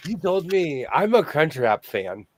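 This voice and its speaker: A man's voice: a little high, very animated, measured pace, slight background noise. A man in his forties from California, hosting a rambling casual chat over a video call. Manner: rambling, chatty storyteller.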